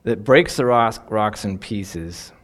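A man's voice: lowish voice, slow pace, fairly bright tone. A man giving devotional Bible teaching in an earnest, reflective way, lingering on key phrases.

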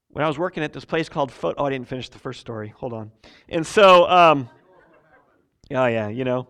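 A man preaching a sermon, loud and emphatic on his main points and quiet when he tells personal stories, with frequent laughs. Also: medium pitch, a little fast, clean tone. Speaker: pastor.

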